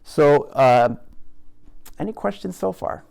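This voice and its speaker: A man's voice: fairly high pitch, lively intonation, slow, gravelly, darkish tone. A man giving a live caricature demonstration to an art group, speaking conversationally, making jokes and asking the audience questions. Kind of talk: live teaching talk to an audience.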